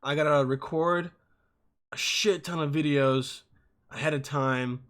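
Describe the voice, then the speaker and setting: A man's voice: fairly high pitch, steady tone, a little slow, a bit bright. A young man in his twenties hosting a solo podcast, rambling and profane, jumping between topics. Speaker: podcast host.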